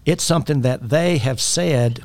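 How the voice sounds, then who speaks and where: A man's voice: mid-range voice, a little slow, no room sound. A man talking as a life coach about faith and personal responsibility, earnest and exhorting. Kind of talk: faith-based coaching talk.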